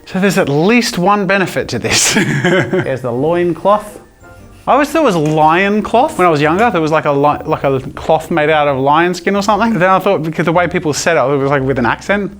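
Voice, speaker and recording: An adult man, an art YouTuber, hosts a comedic art challenge vlog, cracking self-mocking jokes to viewers and sometimes shouting with excitement. He's physically worn out from drawing with a long pole. His voice is fairly high and fairly quick, with faint music playing behind him.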